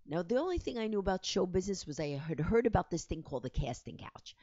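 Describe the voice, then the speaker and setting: A woman in her fifties hosting a storytelling vlog, talking fast and animated. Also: fairly low pitch, lo-fi sound. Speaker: host.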